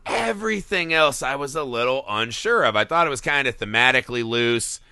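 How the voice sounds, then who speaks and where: Male podcast host, eager and animated, crisp bright tone, dry close sound. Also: mid-range voice, fairly quick, no echo. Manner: enthusiastic, animated, swears casually. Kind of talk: casual film podcast chat.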